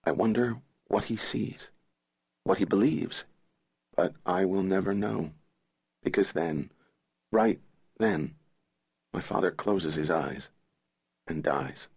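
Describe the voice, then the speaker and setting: Low, husky male audiobook narrator. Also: slow pace, pauses often, a little mellow. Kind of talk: scripted first-person audiobook narration.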